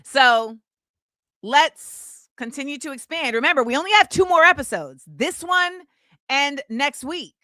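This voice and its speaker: A woman hosting a casual livestream talk show, talking in an animated, sing-song way and reading out viewers' shout-outs. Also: high voice, measured pace, no echo. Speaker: host. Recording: music playing behind the voice. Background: music.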